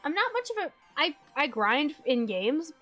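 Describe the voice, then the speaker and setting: A woman's voice: high voice, sing-song, moderate pace, a bit bright, muffled recording, soft background music. Casual rambling young woman streamer. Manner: rambling, swears casually, frequent fillers and laughs. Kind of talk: casual chat with viewers.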